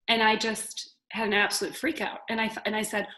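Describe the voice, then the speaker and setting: A woman, a podcast guest telling a story with lively, loud acted-out quotes. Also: a little high, moderate pace, low-quality recording. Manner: animated, acts out quotes loudly, laughs often. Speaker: podcast guest, business owner. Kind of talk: casual storytelling.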